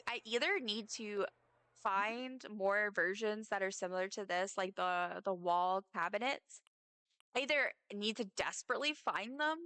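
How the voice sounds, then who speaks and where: With a sharp, clean medium-pitched voice and no echo, a young woman chats and rambles on her game stream, throwing in jokes at her own expense.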